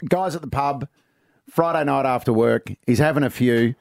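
A man, co-hosting a radio show and telling a long joke with lively put-on voices. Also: normal speed, vocal fry. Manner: animated joke-teller, jumps into high voices for characters. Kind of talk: casual banter, telling a joke.

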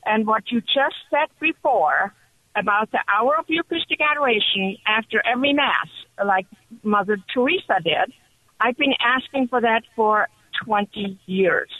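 A woman calling in to a radio show, telling her story with excited, animated energy over the telephone. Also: on the high side, moderate pace, no room sound. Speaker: caller. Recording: dull phone line.

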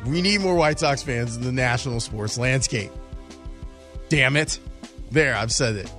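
A man's voice: medium pitch, unhurried, long pauses, fairly bright tone, soft background music. A man hosting a sports radio show, telling stories in a jokey, self-mocking way. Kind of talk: casual sports radio chat. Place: radio studio.

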